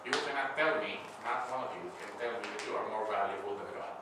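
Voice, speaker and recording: A man's voice: lowish voice, a little fast. A man giving a casual Bible school lecture, talking conversationally and checking in with the class with frequent questions. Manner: conversational, asks the class "right?" often, acts out scenarios. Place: church classroom. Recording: echoey room, far mic, background noise.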